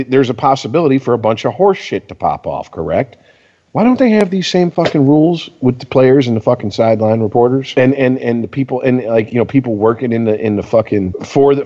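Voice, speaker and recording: A man's voice: mid-range voice, big-room sound, highs cut off. A man ranting in profane casual sports chat as a podcast co-host. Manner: ranting, heavy swearing, animated.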